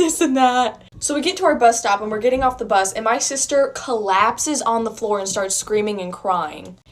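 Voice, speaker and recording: Woman telling a funny story, chatty and animated, a bit high voice. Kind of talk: casual storytelling.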